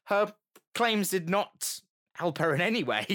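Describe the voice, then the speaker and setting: A man's voice: sits high, takes it slowly. A young man telling a history story in casual chat, joking and slipping into silly voices. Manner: lively, jokey, slips into silly voices. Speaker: podcast co-host.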